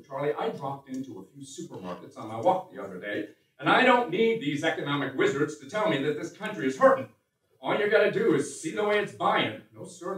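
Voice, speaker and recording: A blunt, folksy older president with a Missouri accent, played by an actor. The voice sits a little high for a man and speaks plainly and emphatically. It is heard from a distance on a very echoey stage. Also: a bit bright. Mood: indignant. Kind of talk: one-man stage performance.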